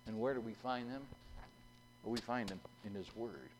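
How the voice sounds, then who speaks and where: A man's voice: fairly low pitch, moderate pace, a little hiss or hum, poor audio. A man preaching a sermon in a folksy way, asking the congregation questions and acting out the voices in a story he tells. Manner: acts out voices in a told story.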